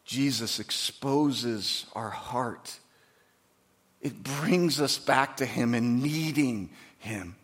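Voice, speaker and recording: A pastor delivering a sermon, moving between quiet, conversational asides and loud, emphatic preaching, acting out quoted voices. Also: male voice, medium pitch, very slow. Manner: acts out quoted voices dramatically.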